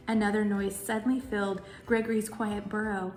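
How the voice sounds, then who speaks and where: A woman librarian leading a children's story time, reading a picture book aloud in a lively way. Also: medium pitch, measured pace. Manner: animated, cheerful with children. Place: in front of a green screen. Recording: roomy echo, faint music.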